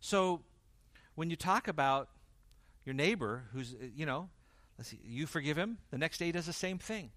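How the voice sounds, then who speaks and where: Male pastor delivering a sermon, animated and shifting from loud to hushed, performs quoted voices, dry close recording. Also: on the high side, moderate pace, dry recording. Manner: animated preaching, swings from loud emphasis to quiet intensity; acts out quoted dialogue in varied voices.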